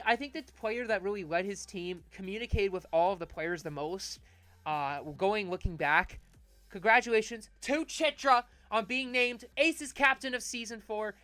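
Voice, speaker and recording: A woman hosting a live-streamed awards ceremony, chatting loosely with lots of fillers and shouting out each winner's name. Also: medium pitch.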